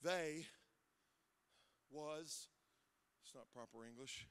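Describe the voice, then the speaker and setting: A male assistant pastor preaching an impassioned sermon, swinging from loud shouts to hushed tones with a sing-song cadence at the peaks. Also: fairly high pitch, slow pace, smooth. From Ohio. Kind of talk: Pentecostal-style preaching sermon. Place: church sanctuary.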